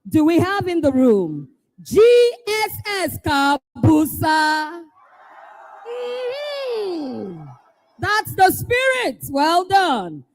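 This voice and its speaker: A Nigerian woman hosting a live event, calling out schools one by one, playful and teasing, often shouting to get the crowd going. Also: very high-pitched, big pitch swings, very slow. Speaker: event host.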